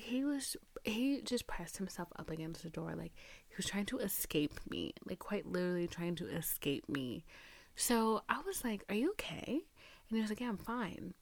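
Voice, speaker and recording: A woman's voice: medium pitch, dry recording. A young woman hosting a podcast, telling a dating story in a casual, profane, chatty way and acting out both sides of the conversation. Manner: chatty, profane, reenacts dialogue with quoted voices. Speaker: podcast host.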